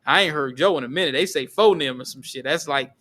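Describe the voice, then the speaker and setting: A man's voice: a little high, quick pace, pushed and bright, a little hiss or hum. A man hosting a podcast, easygoing and slangy, asking curious questions. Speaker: podcast host. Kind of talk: casual chat.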